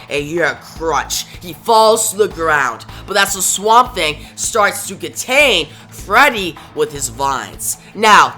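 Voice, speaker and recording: Woman reviewer, a bit low and bright, reads comic dialogue aloud casually, soft music under. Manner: retells panels with quotes and sound effects.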